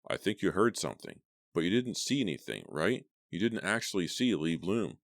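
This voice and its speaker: A man voicing a calm, matter-of-fact middle-aged father in a storybook reading, measured and patient. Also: deep voice, gravelly, dry recording, studio quality, full character voice.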